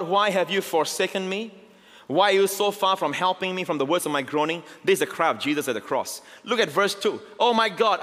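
A male pastor preaching a sermon, emphatic and swelling to near shouts, often checking in with the congregation. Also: fairly high pitch. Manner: emphatic, rising to near shouts on key lines; repeats call-outs to the congregation. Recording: long hall reverb.

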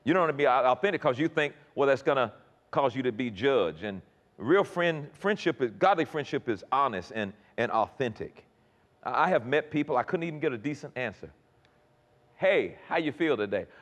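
Animated preacher man in a reverberant hall. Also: mid-range voice, brisk. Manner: animated, repeats words, acts out quoted dialogue. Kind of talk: sermon. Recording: long reverb in a large hall.

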